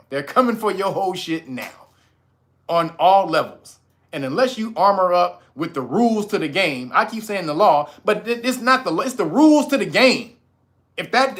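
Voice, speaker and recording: A man's voice: high voice, a bit bright. A man hosting a livestream, ranting in a blunt, profane and preachy way. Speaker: livestream host. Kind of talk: heated livestream rant.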